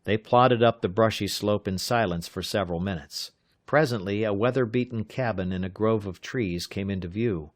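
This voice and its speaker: A man narrating an adventure audiobook in a measured, steady reading. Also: fairly low pitch, no room sound, studio quality. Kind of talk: scripted narration.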